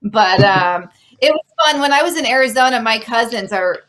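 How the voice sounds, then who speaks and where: A young woman hosts a casual interview and speaks in an animated, opinionated rush. Her voice sits a little high for a woman. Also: moderate pace, a little hiss or hum. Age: young adult. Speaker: podcast host.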